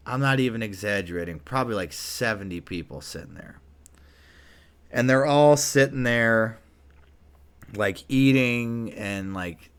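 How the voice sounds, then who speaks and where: A young man casually telling a story, animated and rambling, full of "like" fillers. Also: mid-range voice, clean tone. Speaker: vlogger.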